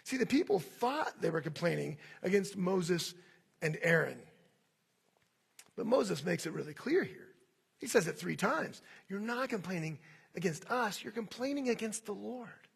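Male pastor, sermon delivery, husky, fairly high, lively acting-out of quoted voices. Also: unhurried. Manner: animated, acts out complaining voices.

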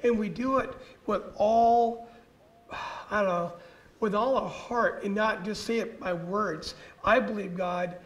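A man's voice: sits high, a little slow, rough recording. A man, a pastor, sharing church teaching in an earnest, conversational way and often saying "you know".

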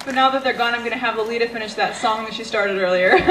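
A woman's voice: fairly high pitch, fairly quick. A woman bird show trainer, bubbly and teasing, talking to a live audience. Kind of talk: live stage patter with audience. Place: outdoor bird show amphitheater. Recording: distant mic, echo, loud crowd and noise.

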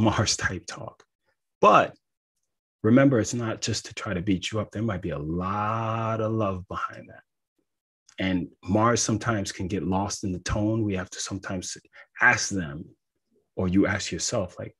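A man, an astrologer, explaining in a casual, animated way, often checking in with "right?". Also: fairly low pitch, measured pace, slightly rough. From United States. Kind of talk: casual teaching talk.

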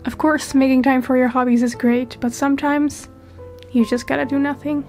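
A woman's voice: sits high, flat delivery, moderate pace, music in the background. A young woman talking casually as a book vlogger, chatty and laughing often, her voice stuffy from a heavy cold. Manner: chatty, laughs often, reads passages aloud. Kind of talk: casual vlog talk and voice-over.

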